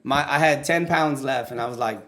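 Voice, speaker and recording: A man's voice: mid-range voice, brisk, fairly bright tone. A young adult man, a podcast guest telling his life story in candid, profane casual talk and laughing through it.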